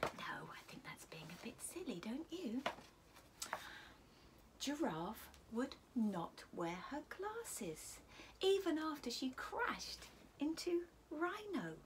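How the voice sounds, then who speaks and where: Animated woman reading a story to children. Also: high-pitched, slow, background noise. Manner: animated, asks children questions, often drops to a whisper. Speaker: teacher. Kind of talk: reading a picture book to children.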